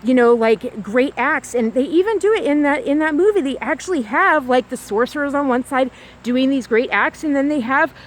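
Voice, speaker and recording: A woman with a high voice talks to her viewers while walking outdoors. Her speech wanders from point to point, stacked with fillers and false starts, and is picked up on a handheld phone. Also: expressive, moderate pace. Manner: rambling, loose, full of fillers and restarts. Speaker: vlogger. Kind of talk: rambling walking vlog.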